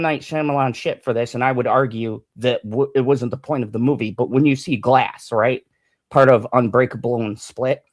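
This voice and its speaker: A man co-hosting a casual review podcast, talking fast and animated, swearing freely and laughing often. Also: mid-range voice. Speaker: podcast co-host.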